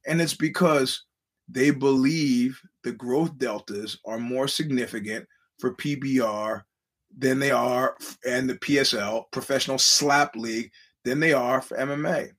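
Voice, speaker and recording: Male podcast host, casual storyteller, middle pitch, rambles along and acts out other people's lines. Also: unhurried, breathy edge. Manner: rambling, animated, acts out quoted voices.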